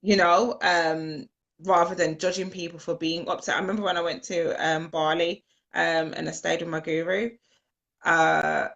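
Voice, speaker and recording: A woman's voice: fairly low pitch, normal speed, gravelly, dull audio. A woman host sharing personal stories in a reflective casual chat. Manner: reflective, storytelling, lively quoted voices.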